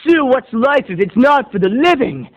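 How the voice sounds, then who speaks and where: A man's voice: very high-pitched, very animated, moderate pace, dull audio, pitched above the performer's own voice, full character voice. Man doing a laid-back stoner babysitter. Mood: pleading. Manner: easygoing drawl, calls everyone man.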